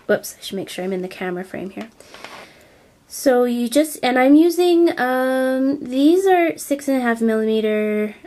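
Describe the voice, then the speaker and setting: A woman's voice: medium pitch, a little hiss or hum. A woman who is feeling unwell, with a nasal voice and a bit short of breath, chatting casually through a crafting how-to with plenty of ums. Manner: chatty, with many ums and self-corrections. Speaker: crafting video host.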